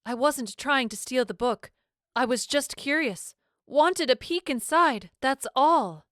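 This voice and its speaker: Frightened British noblewoman, quivering and begging, high-pitched; a woman reader does the voice. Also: expressive, takes it slowly, fairly bright tone, no room sound, studio quality, heavily acted. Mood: pleading. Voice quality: trembling, stammering. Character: frightened young British baroness, tearful and pleading.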